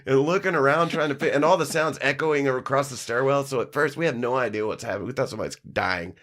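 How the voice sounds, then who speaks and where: A man telling animated, profane backstage tales in casual podcast chat, acting out quotes. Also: mid-range voice, quick pace. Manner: animated storyteller, swears freely, acts out quotes. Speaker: podcast guest, musician. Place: live-streamed studio.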